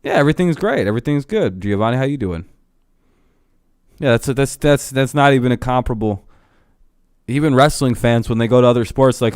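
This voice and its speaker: Young dude streamer going off to chat, lots of swearing and laughing, clean smooth voice. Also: male voice, medium pitch, animated, fairly quick, pauses often, a little mellow, dry recording, clean studio sound. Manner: profane, heated, laughs often, talks to chat. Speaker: live streamer. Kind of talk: casual live-stream rant.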